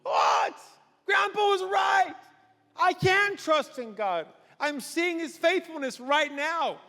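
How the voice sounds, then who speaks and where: A man voicing awestruck young grandchildren, with high, gasping exclamations. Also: animated, takes it slowly, creaky, pushed and bright, shouting, big-room sound, full character voice. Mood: triumphant.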